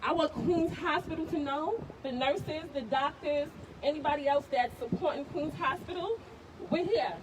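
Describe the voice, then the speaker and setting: A woman's voice: sits high, normal speed. A woman giving an emotional speech at an outdoor protest, impassioned and insistent, repeating phrases for emphasis. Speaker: protest speaker, sister of the deceased. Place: outdoors on a city street. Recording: distant mic on a noisy street.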